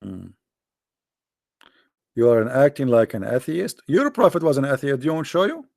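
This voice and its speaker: A man's voice: medium pitch, sing-song, normal speed, gravelly, darkish tone, no room sound, clean studio sound. A man hosting a live call-in debate in a mocking, sarcastic way, his voice worn out from talking for hours. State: tired, worn-out voice.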